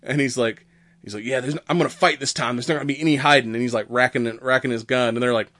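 A man's voice: mid-range voice, steady tone, quick pace, a bit bright, no room sound. A man casually recaps a movie on a podcast, rambling along and swearing freely as he acts out the characters' lines. His voice sits mid-range, and the recording is dry and close. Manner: rambling, profane, acts out quoted characters with laughs. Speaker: podcast host.

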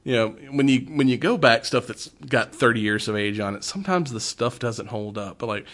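A man's voice: medium pitch, fairly quick, a bit bright. A middle-aged man chatting casually about a movie, retelling scenes in voices and laughing often. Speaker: movie podcast co-host. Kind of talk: casual chat.

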